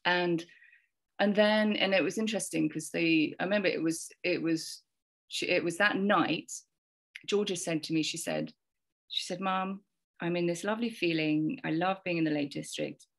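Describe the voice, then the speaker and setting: With a lowish voice, vocal fry and a moderate pace, a podcast guest tells a heartfelt parenting story. The woman, in her forties and from England, rambles casually, often repeating words and quoting herself and others.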